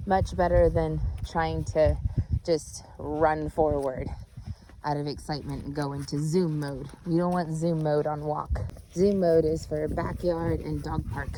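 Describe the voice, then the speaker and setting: A woman's voice: deep voice, fairly even intonation, measured pace, background noise. A young woman dog trainer, speaking outdoors on a walk, patiently explaining her steps and checking in with "right?".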